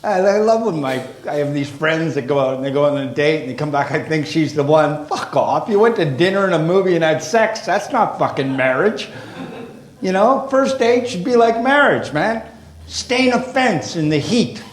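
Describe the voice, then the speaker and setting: A man doing a stand-up comedy routine on stage, ranting with heavy profanity and rising to shouted exasperation. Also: a little high, expressive, moderate pace. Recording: echoey live club with crowd. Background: audience laughter.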